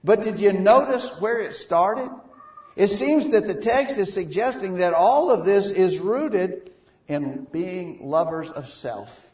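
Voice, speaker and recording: A man's voice: high-pitched, animated, takes it slowly, darkish tone. A man preaching a sermon in a church, emphatic and posing rhetorical questions to his congregation. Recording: echoey, distant, dull.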